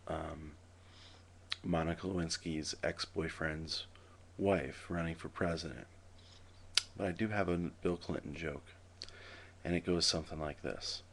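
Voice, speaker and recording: A man telling jokes to his camera in a casual, dry, deadpan way. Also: low-pitched, creaky, slight background noise. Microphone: camera mic.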